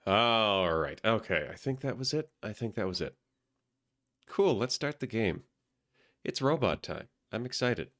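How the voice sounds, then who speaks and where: A man's voice: animated, a little slow, a bit bright. Sleepy, rambling man streaming. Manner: sleepy, low-energy, rambling. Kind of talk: casual live-stream chat.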